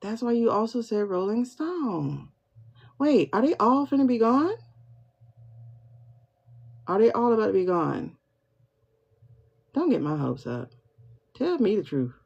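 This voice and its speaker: Woman tarot livestream host, slow, drawn-out and swooping delivery, excitable, dull lo-fi stream audio. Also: on the high side, creaky, breathy edge. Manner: excitable, keeps repeating "hold on" while asking questions; talks to viewers and to her spirit guide. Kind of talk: livestream pendulum reading. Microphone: phone or computer mic for livestream.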